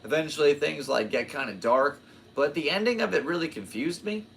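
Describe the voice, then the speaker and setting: A man's voice: fairly high pitch, animated, a little fast, creaky, fairly bright tone, slight background noise. A man in his twenties hosting his own podcast, talking in a rambling, jokey way that drifts into tangents. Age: 20s. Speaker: podcast host. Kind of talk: casual rambling monologue.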